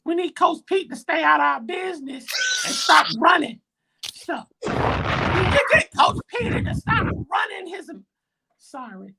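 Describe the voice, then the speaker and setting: Lady doing a whiny little boy begging santa, high gravelly voice, bright. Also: animated, a little slow, slight background noise, exaggerated voice. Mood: pleading. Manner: pleading, rambling. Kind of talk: comedy skit.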